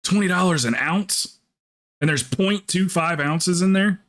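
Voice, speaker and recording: A man's voice: high voice, unhurried, fairly bright tone. Joking, rambling male streamer. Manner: rambling, joking, swears freely. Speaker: game streamer. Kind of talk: casual live-stream chat.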